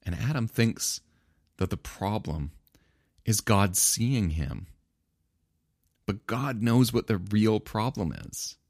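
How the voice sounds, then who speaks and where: A man preaching a sermon in a casual, laughing, animated storytelling manner. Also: fairly low pitch, slow pace, pauses often, no echo, clean studio sound. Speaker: pastor.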